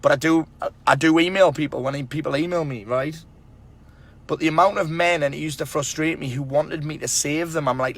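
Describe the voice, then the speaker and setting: A man's voice: on the high side, steady tone, fairly quick, fairly bright tone. Blunt, swearing man giving tough-love advice. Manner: blunt, heavy swearing, emphatic. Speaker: men's self-help speaker. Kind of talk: casual motivational monologue.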